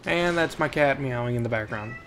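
A man giving rambling gameplay commentary at home, chatty and quick to yelp when the game gets tense. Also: medium pitch, a bit bright, a little hiss or hum. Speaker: let's play host.

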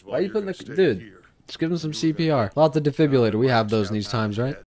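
Young man, gameplay commentary, swearing constantly, excitable trash talk, middle-pitched voice. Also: fast. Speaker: gaming streamer.

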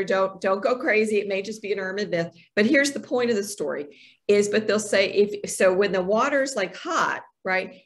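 A woman talking as a podcast guest in a relaxed conversational way. She tells stories with lively energy and slips into voices for the people she quotes. Her pitch sits in a middle range. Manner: animated storyteller, acts out quoted voices. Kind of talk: casual conversational interview.

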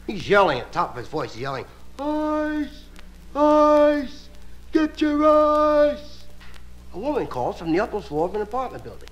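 A male stand-up comedian telling stories with a relaxed drawl and playful asides. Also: sits high. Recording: hissy live album recording.

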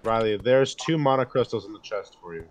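A man's voice: lowish voice, brisk, a little hiss or hum. A man chatting while playing a video game with friends, teasing them and giving orders. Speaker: gamer. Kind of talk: casual gaming chat.

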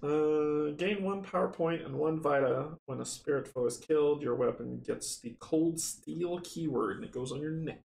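A man casually running a board game playthrough, chatty and excitable, counting dice rolls aloud. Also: fairly high pitch, moderate pace, vocal fry, few pauses. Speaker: tabletop game runner and player. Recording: roomy echo, faint noise.

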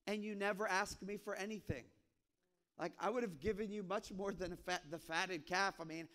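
A man preaching a sermon as pastor, telling stories in an animated way and acting out voices with sudden high squeaks. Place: church sanctuary.

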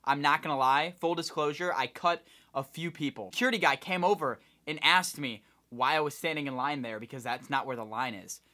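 A young man from Ohio, a vlogger telling a rambling, animated story with lots of swearing. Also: on the high side, a little fast. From Ohio, United States. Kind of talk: casual storytelling vlog.

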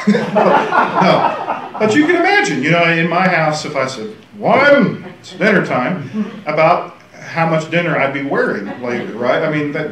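A man teaching a casual Bible class, animated and joking, acting out quotes. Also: on the high side, far from the mic. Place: church classroom. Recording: echoey room, faint hiss.

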